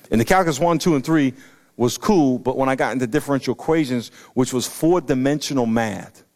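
Excitable preacher man. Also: mid-range voice. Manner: animated, excitable preaching with bursts of loud emphasis. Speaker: pastor. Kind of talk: sermon.

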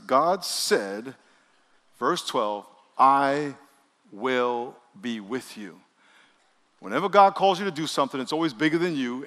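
A male pastor preaching a sermon, leading the congregation in call-and-response and swinging between loud bursts and quiet asides. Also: on the high side, big-room sound. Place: church sanctuary.

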